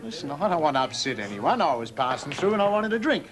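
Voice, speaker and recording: A laconic Aussie punter. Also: male voice, on the high side, fast. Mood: calm. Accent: Australian. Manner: calm, laconic, firm. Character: cool, lucky male horse-picker, calm but stubborn. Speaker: stranger in a country pub. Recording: pub crowd chatter behind. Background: bar crowd murmur.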